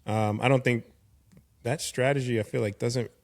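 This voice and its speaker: A man guests on a podcast in relaxed, profane banter. His mid-pitched voice has a gravelly fry to it, and he chuckles along as he talks. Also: moderate pace. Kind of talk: casual chat.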